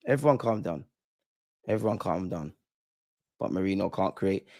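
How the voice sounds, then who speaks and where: Fairly low and mellow, this man's voice is animated and carries vocal fry, moving at a normal speed with long pauses. He's running a live football watch-along, reacting emotionally toward the players and referee on screen in slangy, casual speech with a bit of swearing.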